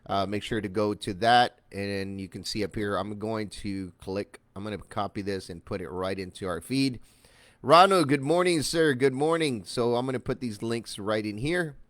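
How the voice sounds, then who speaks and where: A man's voice: fairly low pitch, steady tone, moderate pace, hardly any pauses, no echo. A man giving a loose, conversational screen-share tutorial, greeting viewers by name and using lots of fillers. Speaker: online marketing instructor.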